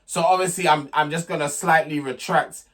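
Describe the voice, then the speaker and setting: A young man with a fairly high voice, talking casually and with emphasis. His delivery is slangy and chatty, like someone giving his opinions straight to camera. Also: steady tone, moderate pace, a bit bright. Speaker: reality show recap host. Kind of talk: casual recap commentary.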